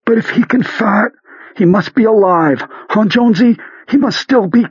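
A man voicing a frightened, excitable grown man with a ragged, high voice in an audiobook. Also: unhurried, breathy edge, no echo, lo-fi sound. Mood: panicky. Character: excitable panicky adult man, frightened friend. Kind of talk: audiobook character voice.

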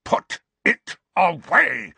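A man's voice: sing-song, a little slow, slightly rough, dry recording, full character voice. A man doing a blustering, furious uncle. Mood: snarling. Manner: loud, strained snarling that shoots high. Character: blustering furious stout middle-aged uncle.

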